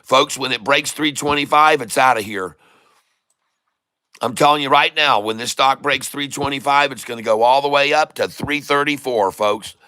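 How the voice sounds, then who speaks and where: A middle-aged man hosting a live day-trading stream, giving excited running commentary and calling out to his viewers as "folks.". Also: medium pitch, moderate pace, clear, resonant tone, no room sound, studio quality.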